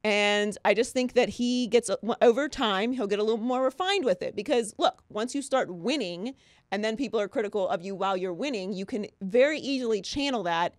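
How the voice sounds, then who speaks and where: A woman's voice: mid-range voice, a little fast, dry recording. Opinionated woman podcast host, dry studio sound. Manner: opinionated, animated, sarcastic. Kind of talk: casual sports talk.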